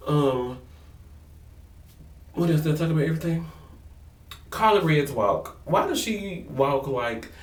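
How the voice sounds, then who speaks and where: A man's voice: on the high side, animated, unhurried, long pauses, distant mic. A man casually recapping a reality show episode, sassy and gossipy, slipping into mocking impressions. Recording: roomy echo, a bit off-mic.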